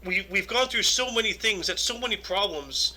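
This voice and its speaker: A man's voice: sits high, expressive, moderate pace, bright, forceful tone, low-quality recording. A man co-hosting a casual chat, reading out facts and teasing with a wry humor. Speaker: co-host.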